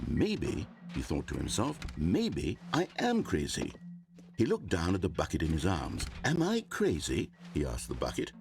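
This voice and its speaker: A wry, lively game narrator. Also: male voice, low-pitched, moderate pace, vocal fry, exaggerated voice. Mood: dry storytelling. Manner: dry, mock-grave storytelling with sudden pleading asides. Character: wry, meddling male narrator of a video game. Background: game music.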